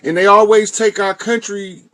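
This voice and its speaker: A man's voice: high-pitched, flat delivery, moderate pace, sharp tone, no echo. A man with a Southern US accent hosting, giving casual, profane commentary on a clip he plays. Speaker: host.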